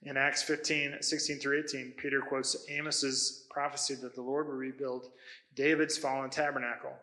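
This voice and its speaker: Pastor, male, preaching. Bright, forward tone; conversational, stops and restarts mid-sentence. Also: medium pitch, little pitch movement, normal speed, low-quality recording. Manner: conversational storytelling with self-corrections. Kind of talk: sermon.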